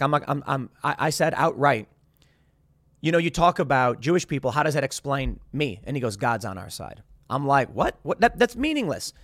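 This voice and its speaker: A man's voice: on the high side, a bit bright, no room sound, studio quality. A man hosting his own show, rambling through a casual commentary monologue. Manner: rambling, mimics others in quotes. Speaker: show host.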